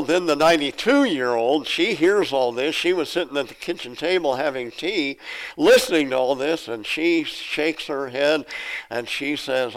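Middle-aged guy preaching, kinda gravelly, folksy storytelling, stumbles over words. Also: a little high, normal speed, low-quality recording. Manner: folksy, repeats words when telling stories. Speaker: pastor. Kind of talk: sermon.

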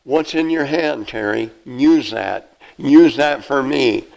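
God speaks to a doubting believer in a gentle, reassuring way with a hint of amusement , as a preacher puts him on. The voice sits at an ordinary male pitch. It sounds plain and everyday rather than grand. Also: slow, creaky, rough recording. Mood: encouraging.

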